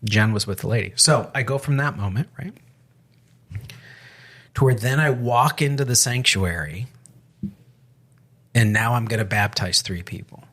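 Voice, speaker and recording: A man's voice: lowish voice, moderate pace, long pauses, fairly bright tone, slightly rough. A man co-hosting a faith podcast, a pastor telling a story in casual conversation, with frequent restarts. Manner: storytelling with many restarts and quoted dialogue.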